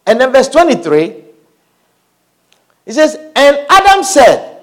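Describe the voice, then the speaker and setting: A man delivers a sermon in a high voice that leaps up and down through his phrases. He preaches with fervor, breaking in with hallelujahs and putting questions to the congregation. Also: a little slow, pauses often. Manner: animated preaching with calls of hallelujah and amen.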